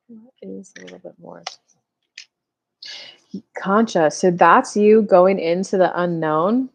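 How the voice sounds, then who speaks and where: A woman's voice: on the low side, slow pace, gravelly, long pauses, slight background noise. A woman in her thirties giving a casual live-stream tarot reading, chatty, full of "like", acting out little made-up dialogues as she talks. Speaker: tarot reader.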